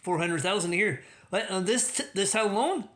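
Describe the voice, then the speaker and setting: Male livestream host, slightly high bright voice, loose rambling delivery, self-amused. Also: normal speed. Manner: rambling, many restarts, laughs at own jokes. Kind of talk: rambling casual commentary.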